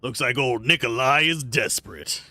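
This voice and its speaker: A man voicing a gruff male villain, read in a scornful mutter. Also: medium pitch, moderate pace, sharp tone, no echo. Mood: grumbling.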